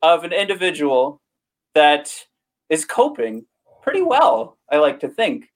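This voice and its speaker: A man's voice: fairly high pitch, wildly swooping pitch, a little slow. A man guesting on a podcast, introducing himself in a hesitant way and correcting himself as he goes. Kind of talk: casual podcast chat.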